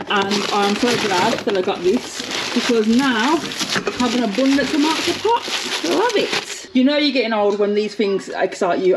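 A woman's voice: fairly high pitch, background noise. A woman chatting enthusiastically as she shows things in a family vlog. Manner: enthusiastic, chatty show-and-tell. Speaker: vlog host, mum. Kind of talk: casual family vlog chat.

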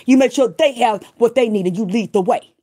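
A woman's voice: on the high side, fairly quick, mellow. Defiant swearing middle-aged woman ranting. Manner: repetitive emphatic declarations. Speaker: livestreamer. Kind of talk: profane livestream rant.

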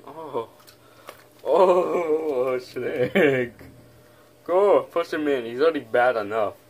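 A man playing an excitable, bossy talking donkey sidekick in an amateur comedy skit. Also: mid-range voice, slow. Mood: egging on. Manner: excitable, bossy, laughs a lot.

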